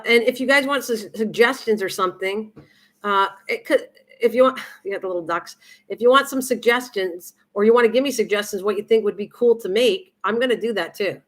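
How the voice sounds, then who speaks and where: A middle-aged woman with an ordinary mid-range pitch cooks during a live stream and talks loosely to her audience. Her chatter wanders, with frequent restarts and plenty of ums and uhs.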